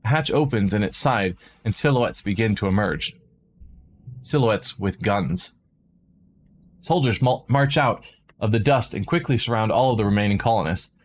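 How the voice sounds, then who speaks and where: A man streaming a game, reading a visual novel aloud with dramatic narration and quick asides of his own. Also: fairly low pitch, expressive, slight background noise. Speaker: let's play streamer.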